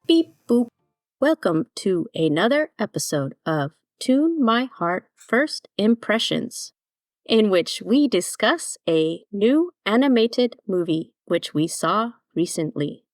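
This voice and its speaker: A woman's voice: mid-range voice, big pitch swings, slow pace, no echo. A woman voicing a cheerful female robot who beeps and talks stiffly, in a dry-sounding recording. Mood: chipper. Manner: beeping, stiff mechanical delivery.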